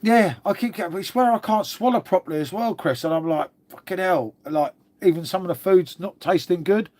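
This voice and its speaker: London-area bloke chatting on his livestream, bit of a cold, swears a lot, says mate every line, slightly high voice. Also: brisk, darkish tone. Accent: London-area English. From England (Old Windsor, Berkshire). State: congested with a cold. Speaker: livestream host. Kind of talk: casual chat reading live comments.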